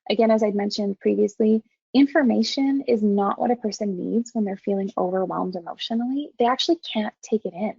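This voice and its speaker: A woman teaching an online training webinar as a counseling faculty member, speaking in a calm, measured, gentle way. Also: mid-range voice, creaky, slightly rough, no echo, dull audio.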